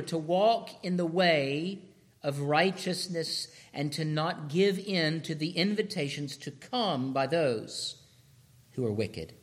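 High-voiced, slow-preaching man pastor. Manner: emphatic preaching, swinging from hushed to shouted, with rhetorical questions. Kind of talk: sermon.

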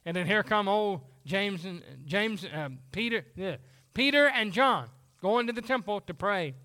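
High, bright-voiced preacher. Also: male voice, measured pace. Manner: folksy, animated preaching with dramatized voices. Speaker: pastor. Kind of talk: sermon.

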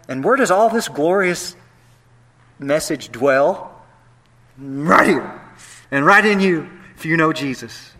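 Bright-voiced male pastor preaching. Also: medium pitch, measured pace. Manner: dynamic preaching, swings from soft hushed lines to loud animated ones; playful asides with the congregation. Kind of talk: sermon.

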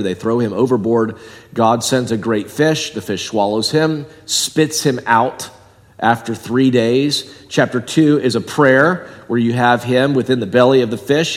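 Guy preaching in church, casual and chatty, mid pitch, big echoey hall. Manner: conversational with wide swings in pitch and volume. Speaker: pastor. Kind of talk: sermon. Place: church sanctuary.

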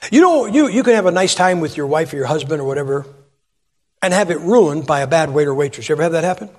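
A man's voice: on the high side, animated, fast talker, a little mellow, long reverb tail. An older man preaching a sermon, telling stories and putting questions to his audience. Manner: storytelling, asks the audience questions. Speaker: pastor.

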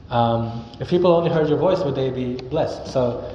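A man's voice: medium pitch, normal speed, warm tone. A young man preaching a sermon in an earnest, conversational way, now and then acting out sample greetings. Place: church hall. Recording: echoey, dull hall recording with noise.

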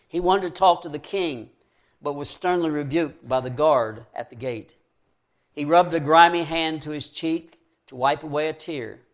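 A man's voice: on the high side, normal speed. A man preaching a sermon, reading scripture verse by verse and rising to fervent emphasis.

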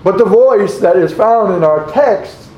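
A man preaching a sermon, slowly posing rhetorical questions and reading scripture aloud in old-fashioned wording. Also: high-pitched, animated. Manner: slow, deliberate, repeats rhetorical questions. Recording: roomy, dull lo-fi recording.

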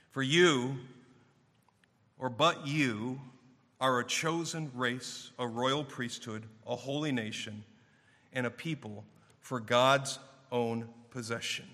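A man preaching a sermon to his congregation, stressing key words and shifting between quiet and forceful passages. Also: long reverb tail. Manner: emphatic, building to raised intensity then dropping low. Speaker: pastor.

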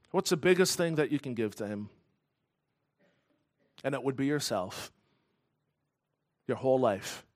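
A man preaching a sermon in an earnest, emphatic way, slowing down to stress key phrases. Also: on the high side, a bit bright. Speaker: pastor.

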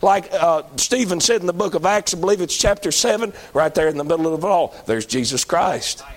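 A man with a high, tenor-ish voice preaches. His delivery is folksy and conversational, rising into emphatic, repeated declarations. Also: animated, brisk. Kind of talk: sermon.

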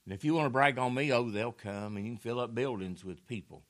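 A man preaching a sermon in a folksy way, repeating phrases and swinging from low murmurs to loud raised lines. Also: fast.

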